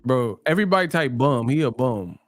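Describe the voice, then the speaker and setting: A man's voice: medium pitch, lively intonation, fairly quick, no room sound, soft background music. A man from New Mexico hosting a live stream, bantering in slang, laughing often and reading donations. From New Mexico, USA.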